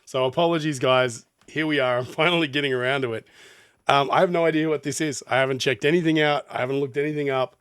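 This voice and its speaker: A man's voice: mid-range voice, fairly even intonation, quick pace, fairly bright tone, clear, resonant tone, dry recording, clean studio sound. An Australian man, a music producer, chatting casually as he reacts to a song, rambling and laughing often. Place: studio.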